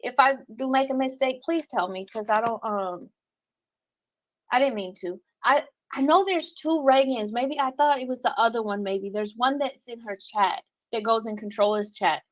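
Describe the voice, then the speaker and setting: A woman livestreaming and reading her chat, talking bluntly with lots of cursing and quick laughs. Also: fairly high pitch, no echo. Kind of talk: casual livestream commentary.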